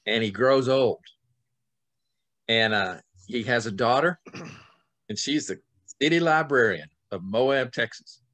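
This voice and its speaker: Male author guest, middle-aged, animated yarn-spinner, dry close recording. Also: mid-range voice, takes it slowly, pauses often, no echo. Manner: lively, acts out scenes with sudden loud and soft swings. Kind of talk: animated storytelling in conversation.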